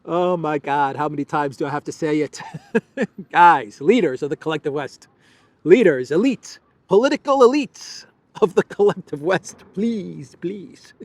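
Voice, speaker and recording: A man's voice: a little high, animated, measured pace, no room sound. A man hosting a casual political commentary show, sarcastic and playful, often laughing and drawing out words for emphasis. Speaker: host.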